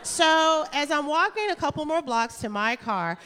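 A woman spins a comic story for a live audience, chatty and animated with laughter slipping into her lines. Her voice rings out with a long hall reverb behind it. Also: high voice, moderate pace, a faint crowd, a little hiss or hum. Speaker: storyteller and stand-up comedian.

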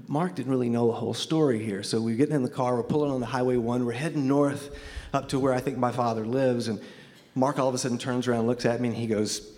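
Speaking fast with a medium, somewhat dark voice and fairly even intonation, this Memphis man recounts something from his own life onstage. He's wry, chatty and pokes fun at himself, yet he's clearly nervous and trembling, all under long hall reverb.

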